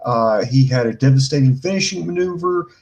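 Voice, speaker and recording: A man's voice: medium pitch, expressive, brisk, a little mellow. A man co-hosting a casual podcast, explaining things in a matter-of-fact way with a few profanities. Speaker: podcast co-host. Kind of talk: casual wrestling podcast chat.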